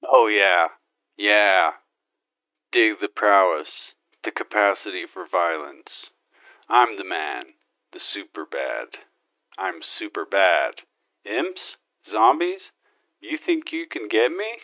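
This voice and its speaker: A man's voice: fairly low pitch, very animated, slow, creaky, sharp tone, no room sound, exaggerated voice. A man voicing a cocky, wisecracking gun-crazy marine. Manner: boastful wisecracking, makes gun sound effects. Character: cocky gun-loving male space marine hero. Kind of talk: in-character game monologue.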